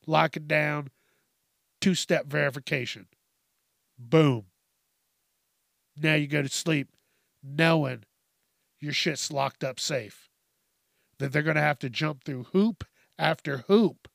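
A man's voice: a little high, gravelly, a bit bright, no echo, clean studio sound. A man hosting a podcast, ranting casually and comically, swearing a lot and laughing between lines. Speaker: podcast host. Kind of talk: casual comedic rant.

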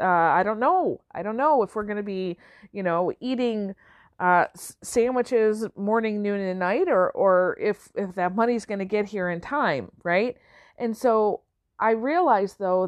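A woman's voice: mid-range voice, dry recording. A woman who coaches business owners, talking in a reflective, conversational way, often asking "right?" and rephrasing as she goes. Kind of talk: reflective casual talk.

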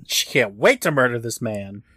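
A man co-hosting a podcast, tossing out jokey reactions and quick asides in casual chat. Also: medium pitch, big pitch swings, fairly bright tone, slightly rough, no echo. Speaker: podcast co-host.

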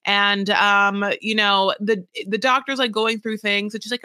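A woman's voice: mid-range voice, flat delivery, normal speed, hardly any pauses, sharp tone, no room sound, studio quality. A woman co-hosting a podcast, recapping a reality show in a rambling, sarcastic chat full of "like" and "you know". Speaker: podcast co-host.

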